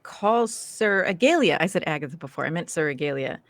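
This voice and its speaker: Lively woman playing a tabletop game. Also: deep voice, fairly quick. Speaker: player. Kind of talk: casual tabletop role-play.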